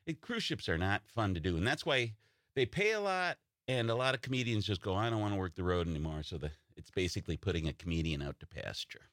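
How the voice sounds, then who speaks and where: A man with a Wisconsin accent tells stories in a casual interview, his pitch jumping around as he slips into voices for the people he quotes. The sound is close and dry, with no room around it. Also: very animated, brisk, a bit bright, no room sound. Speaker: stand-up comic guest. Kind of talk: casual radio interview chat.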